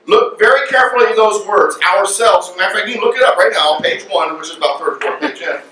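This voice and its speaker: Guy with a bright high voice giving a talk, jokey and lively, echoey room heard from far off. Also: fast, a little hiss or hum. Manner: animated, joking and conversational. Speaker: guest speaker. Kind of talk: lecture to an audience. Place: luncheon event room.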